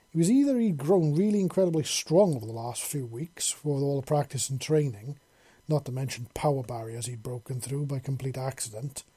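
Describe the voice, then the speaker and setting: Dark-voiced man narrating a story. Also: fairly high pitch, husky, dry recording. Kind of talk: fiction audiobook narration.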